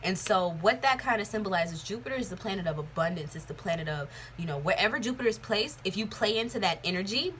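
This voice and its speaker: A young woman gives a tarot reading in a loose, chatty way. She is frank and rambling and swears freely. Her voice is bright and forward, with a faint hiss of noise behind it. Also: medium pitch, lively intonation, fast talker, few pauses. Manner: candid, profane, rambling. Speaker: tarot reader. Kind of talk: casual tarot reading vlog.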